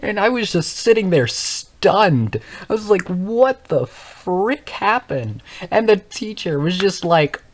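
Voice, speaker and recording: A man's voice: high-pitched, expressive, a little slow. A teenage boy, a gaming channel host, telling a casual story in a rambling way, correcting himself often and laughing as he goes. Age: young teens.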